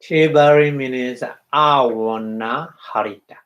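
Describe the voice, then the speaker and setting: A male Buddhist meditation teacher gives an unhurried dharma lecture. His voice sits in a middle pitch and moves at a slow pace. He halts, repeats words and pauses to ask his listeners if they follow. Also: fairly bright tone, low-quality recording. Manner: halting, repeats phrases, checks in with "huh?".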